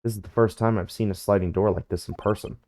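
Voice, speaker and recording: A man's voice: lowish voice, fairly even intonation, fast talker, mellow, faint music behind. A man reading game dialogue aloud in a dry, wry tone during a playthrough.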